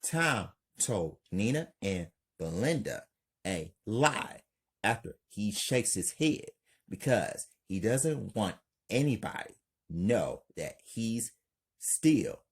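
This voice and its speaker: A man's voice: fairly low pitch, big pitch swings, breathy edge. A man narrating an amateur crime story for his channel, reading plainly. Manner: slow, plain reading with hype outro.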